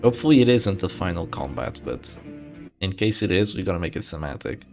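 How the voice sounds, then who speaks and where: Gravelly low-voiced man casting a game. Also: expressive, fairly quick, darkish tone. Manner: bantering, reads and answers live chat. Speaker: tournament caster. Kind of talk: casual play-by-play commentary. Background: game music.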